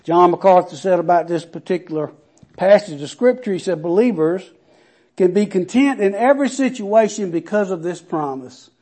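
A man's voice: high-pitched, lively intonation, moderate pace, warm tone. A man preaching a sermon, reading scripture aloud with rising and falling emphasis.

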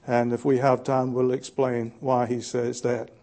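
A man preaching a Bible study sermon in a plainspoken, folksy way, pausing often to gather his thoughts. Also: medium pitch, flat delivery, warm tone. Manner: folksy, plainspoken with frequent "uh" pauses.

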